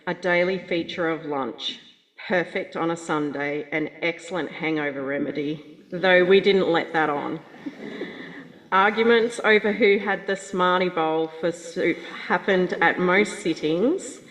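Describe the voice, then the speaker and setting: Woman reading a eulogy in a chapel, kinda low voice, long echo. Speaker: grandchild giving a eulogy. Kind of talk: read eulogy. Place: funeral chapel. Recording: echoey hall.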